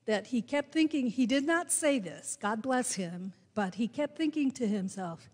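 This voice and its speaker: Woman pastor, Midwestern American accent, slow measured sermon, highish voice, long church reverb. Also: lively intonation, darkish tone. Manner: storytelling, slow and deliberate with emphatic rises. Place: church sanctuary.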